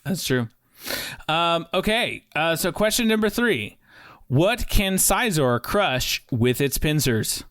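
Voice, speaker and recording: Halting man hosting a quiz. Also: fairly high pitch, sing-song, a bit bright. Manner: halting, lots of uh and restarts. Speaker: teacher running a quiz. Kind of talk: casual podcast lesson.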